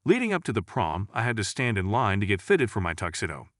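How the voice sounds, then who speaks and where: A man reading jokes aloud in a lively, storytelling way. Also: lowish voice, fast talker, no room sound, studio quality. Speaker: joke narrator. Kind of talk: scripted joke reading.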